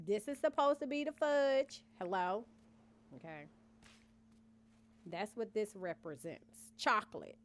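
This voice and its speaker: This gaming streamer is a young woman whose voice sits a little high, expressive and unhurried. Playing and thinking aloud, she chats casually with viewers, musing as she goes and addressing them as "y'all," over faint background game music.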